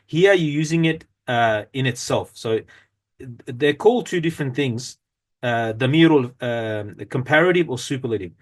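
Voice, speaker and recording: A man's voice: mid-range voice, animated, moderate pace. Man teaching grammar from a textbook. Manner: explains step by step, reads from a textbook, many fillers and self-corrections. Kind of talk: classroom grammar lesson.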